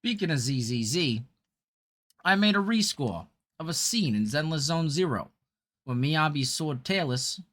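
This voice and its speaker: A man's voice: mid-range voice, sharp tone. A man livestreaming a game, chatting with viewers and thanking them while putting on a celebrity impression accent. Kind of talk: casual livestream chat while gaming.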